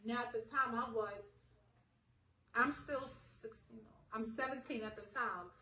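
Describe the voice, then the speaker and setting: A young adult woman telling her own story in a casual, animated way, full of fillers and acted-out dialogue. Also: a little high, measured pace. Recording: roomy echo, faint ambience.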